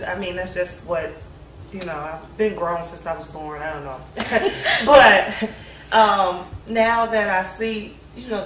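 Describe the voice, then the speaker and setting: Reflective woman in an echoey room. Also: medium pitch. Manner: reflective, laughs between thoughts. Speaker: grieving daughter sharing memories. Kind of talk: candid family conversation. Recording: roomy, distant mic, faint hiss.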